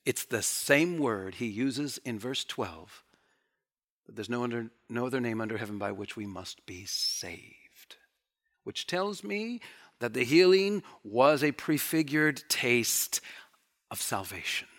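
A male preacher delivering a lively sermon. His voice leaps high and loud in excited bursts, then sinks to near-whispered lows for emphasis. He acts out quoted lines with a teasing, taunting edge. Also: slow pace. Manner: animated, swings from loud bursts to hushed lows.

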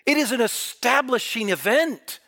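A man's voice: very high voice, expressive, normal speed, sharp tone. A man preaching a sermon, reading scripture aloud and pressing the congregation with emphatic rhetorical questions.

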